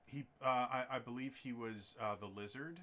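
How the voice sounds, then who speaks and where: A man's voice: mid-range voice, normal speed, pushed and bright. A man in casual conversation who rambles, with many fillers and restarts. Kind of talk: casual chat.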